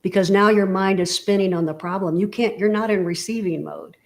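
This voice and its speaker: A woman's voice: mid-range voice, steady tone, brisk. A woman guest on an interview show, talking casually and explaining her ideas with everyday analogies and frequent check-ins with the listener. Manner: explanatory, full of analogies and "you know". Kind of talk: casual motivational conversation.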